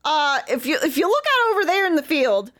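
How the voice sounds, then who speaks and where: Brief: woman as eccentric rural sheep farmer, high voice, rambling, fake pirate-like English accent, improv comedy. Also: big pitch swings, fairly quick, a bit bright. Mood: folksy. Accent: put-on pirate-like English accent. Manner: rambling, folksy, trailing off mid-sentence.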